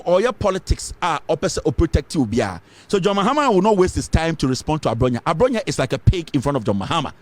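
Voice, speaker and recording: A fiery Ghanaian political commentator speaks in a high, lively voice, giving impassioned, emphatic commentary. He repeats his points and mixes English with Twi.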